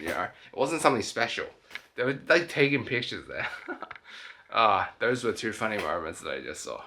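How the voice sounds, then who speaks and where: A man's voice: mid-range voice, bright, forceful tone. A young man, tipsy and tired, rambling through a casual late-night travel vlog and often breaking off and restarting. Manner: rambling, self-interrupting, loose speech. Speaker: travel vlogger.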